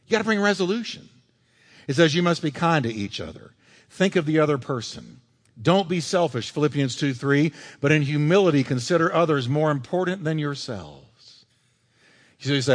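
A man's voice: on the high side, lively intonation, normal speed. Emphatic man preaching in a reverberant hall. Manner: emphatic, repeats key lines, acts out quoted spouses. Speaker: pastor. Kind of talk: sermon.

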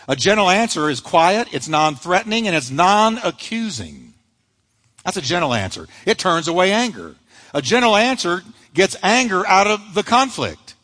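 A man's voice: on the high side, very animated, normal speed, a bit bright, in a large hall. A pastor preaching a sermon to a congregation, acting out the quoted lines of the people he describes.

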